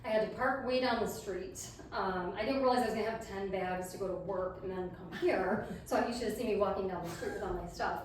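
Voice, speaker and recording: A woman's voice: mid-range voice, brisk, hardly any pauses. A middle-aged woman, a health coach, chatting casually with a live audience at a community event, laughing at herself as she tells stories. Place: large room at a community event. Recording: echoey room, distant mic, faint background noise.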